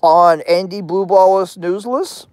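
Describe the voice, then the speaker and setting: A woman's voice: mid-range voice, unhurried, a little mellow, no room sound. A woman hosting her channel in a crude, threatening, meandering rant full of fillers. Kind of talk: profane vlog rant.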